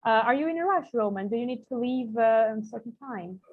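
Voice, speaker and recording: On a tinny video-call line, a husky woman with a Russian accent gives an online English lesson to coaches, using examples and many "like" fillers. Her voice is on the high side, with lively intonation and a quick pace.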